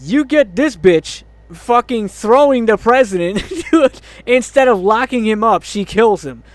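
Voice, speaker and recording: High-voiced man in a profane angry rant. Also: animated, a little slow, no room sound. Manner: profane, ranting, frequent exasperated groans and laughs. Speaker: movie reviewer. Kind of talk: angry movie review rant.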